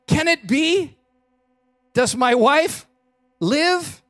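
A man voicing a gentle middle-aged watch repairman from Vienna with a soft European accent, speaking in a hushed, wistful way. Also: sits high, big pitch swings, a little slow, pitched above the performer's own voice, heavily acted. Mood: startled.

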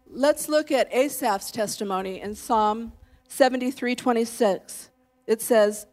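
A woman in her late fifties delivers a sermon from the pulpit in a friendly, conversational way. Her voice sits a little high, and she moves easily between encouragement and storytelling, with self-deprecating asides. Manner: warm conversational preaching, leads the congregation in declarations. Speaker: pastor's wife preaching.

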